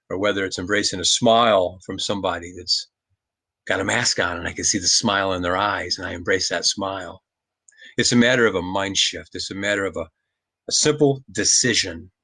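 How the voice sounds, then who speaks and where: A middle-aged man giving a reflective motivational talk on mindfulness, gentle and earnest, often repeating his phrases. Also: low voice, dry recording. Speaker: mindfulness speaker.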